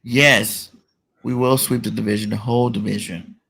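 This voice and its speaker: Casual sports-show host, male, low gravelly voice, laid-back chatter. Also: moderate pace. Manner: relaxed, filler-heavy, lots of "you know". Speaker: podcast host.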